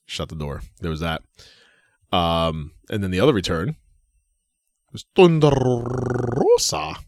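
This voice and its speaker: A man's voice: low-pitched, normal speed, no room sound, studio quality. A man co-hosting a casual wrestling podcast, loose and jokey, laughing often. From New York State. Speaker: podcast co-host.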